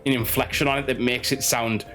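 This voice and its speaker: A man's voice: medium pitch, steady tone, a little fast, fairly bright tone, faint music behind. A man playing a game and making chatty, rambling asides between reading the dialogue. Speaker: gameplay streamer. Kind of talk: casual game commentary.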